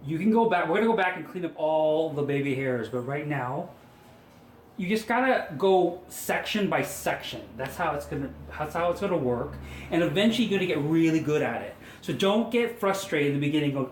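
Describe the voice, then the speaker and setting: A man's voice: on the high side, animated, a little fast, slight background noise. Chatty male hairstylist coaching a tutorial. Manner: chatty, coaxing, self-mocking asides. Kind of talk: hair styling tutorial. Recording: echoey room with faint ambience.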